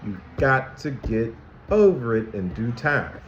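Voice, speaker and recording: A man school counselor giving a lesson to young children, animated and asking them many questions. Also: mid-range voice, measured pace, noisy background. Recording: dull, echoey room recording.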